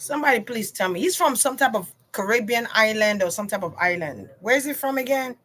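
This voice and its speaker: A woman's voice: fairly high pitch, animated, brisk, fairly bright tone, a little hiss or hum. A woman chatting casually to her viewers on a livestream tarot reading, slangy and direct.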